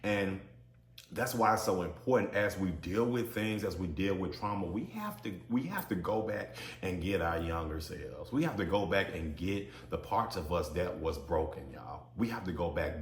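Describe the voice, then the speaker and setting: Deep-voiced man preaching self-help, echoey room. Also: expressive, normal speed, slight background noise. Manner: preachy, repeatedly addresses listeners as y'all, builds to emphatic peaks. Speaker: podcast host. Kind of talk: motivational self-help talk.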